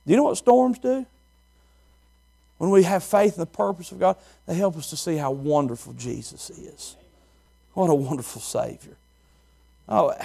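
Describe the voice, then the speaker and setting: Middle-aged male pastor, higher register, impassioned sermon delivery with hushed moments. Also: gravelly. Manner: impassioned preaching, swinging from loud to hushed.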